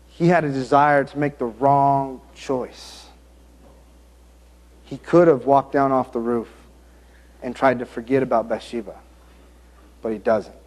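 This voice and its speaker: A man preaching a sermon, acting out the story with jokes and asides. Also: medium pitch. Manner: animated storytelling, acting out the scenes; joking and self-interrupting.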